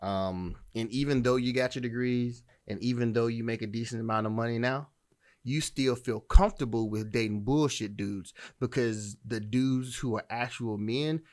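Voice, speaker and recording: Blunt, profane man ranting. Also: medium pitch. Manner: blunt, profane, emphatic, with frequent restarts. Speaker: podcast host. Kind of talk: opinionated dating commentary.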